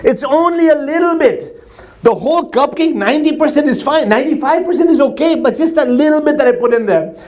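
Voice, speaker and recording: A man's voice: very high-pitched, expressive, brisk, darkish tone, pitched above the performer's own voice. A man doing a patient, teasing father. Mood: coaxing. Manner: patient, explaining.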